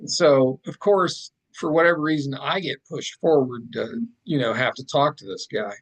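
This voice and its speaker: A man, a podcast guest and artist, telling a story in a casual, animated way with plenty of fillers and asides. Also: mid-range voice, moderate pace, husky, low-quality recording.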